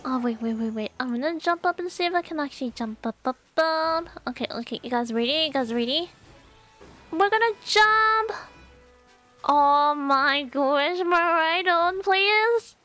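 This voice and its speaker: A young woman streaming a video game live, chatting to viewers with excitable gasps and squeals. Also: sits high, moderate pace, hardly any pauses, soft background music. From Australia. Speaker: VTuber streamer. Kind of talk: gameplay live stream chat.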